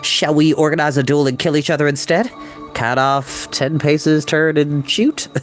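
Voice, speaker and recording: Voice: medium pitch, normal speed, faint music behind, close to an everyday voice. A man voicing an earnest, lovestruck young male student in a storybook reading, in a mock-dramatic, joking manner.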